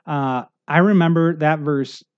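A man's voice: a little high, unhurried, smooth, dull audio. A middle-aged male pastor preaching a sermon in a conversational, earnest way, often checking in with the congregation.

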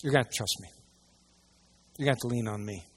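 A man preaching a sermon to a church audience, swinging between hushed asides and loud, emphatic passages. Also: mid-range voice, quick pace, slightly rough. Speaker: pastor.

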